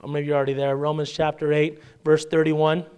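A male preacher with a high, smooth, clear voice. He tells stories in his sermon and acts out the people in them. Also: fairly quick. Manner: animated storytelling, acts out the characters' voices.

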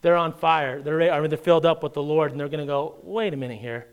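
A pastor preaching to his congregation, a man with a high, smooth and resonant voice. He keeps it conversational and joking, throwing out rhetorical questions, then slows into a measured tone to read scripture aloud. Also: little pitch movement. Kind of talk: sermon.

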